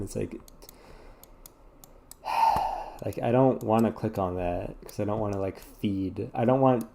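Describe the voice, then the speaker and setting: A man's voice: lowish voice, normal speed, gravelly, long pauses, dark tone. A sleepy man chatting casually while playing a puzzle game, rambling, apologetic and swearing often. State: yawning, sleepy. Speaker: gaming streamer.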